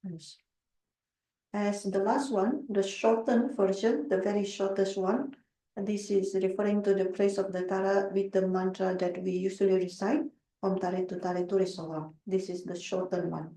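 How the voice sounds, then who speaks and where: A woman interpreting a Buddhist teaching, halting and searching for words. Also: medium pitch, little pitch movement, warm tone, echoey room, recorded from a distance, rough recording.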